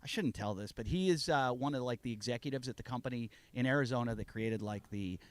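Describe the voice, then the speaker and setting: A man in casual podcast chat, telling stories and acting out the people in them with big swings in loudness. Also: medium pitch, fast talker. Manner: animated, acts out quotes with swings in volume.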